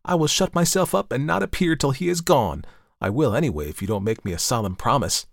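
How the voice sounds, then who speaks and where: A man voicing a spirited, easily flustered young woman, speaking in a high-strung, pleading way. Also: sing-song, fast talker, dry recording, studio quality. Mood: desperate.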